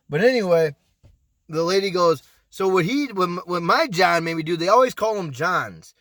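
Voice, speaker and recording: High-voiced, animated storytelling man. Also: a little fast, no room sound, studio quality. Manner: animated, profane, acts out quotes. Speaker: storytime vlogger. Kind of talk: casual storytelling.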